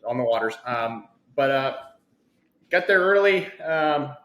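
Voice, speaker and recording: A man co-hosting a podcast, telling a long rambling story full of fillers and acting out the quotes with big swings in his voice. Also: a little slow. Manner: animated, acts out quotes with big pitch swings, many fillers. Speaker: podcast co-host. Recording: roomy echo.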